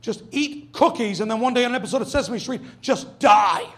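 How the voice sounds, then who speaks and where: A man's voice: very high voice, a little fast, heavy background noise. A young man doing a stand-up comedy set on a club stage, brash and profane, acting out quoted voices.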